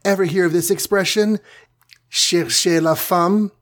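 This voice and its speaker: A man voicing a tiny, frantic winged superheroine in a storybook reading, with shrill pleading cries. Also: fairly even intonation, measured pace. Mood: relieved.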